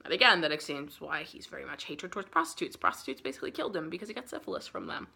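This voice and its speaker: A woman's voice: sits low, lively intonation, very fast, creaky, pushed and bright, breathy edge. A young woman vlogger giving a casual, profanity-laced book summary, rambling with lots of fillers. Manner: chatty, profane, filler-heavy storytelling.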